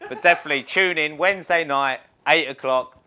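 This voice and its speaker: A man's voice: a little high, brisk, sharp tone, a little hiss or hum. A man interviewing a guest in a casual, jokey, encouraging way with plenty of banter.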